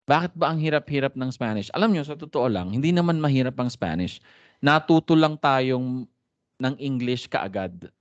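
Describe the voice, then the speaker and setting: A man's voice: medium pitch, no echo. A man with a Filipino accent teaching a Spanish class online from home, chatty and encouraging as he mixes Tagalog and English. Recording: dry, slightly dull lo-fi audio.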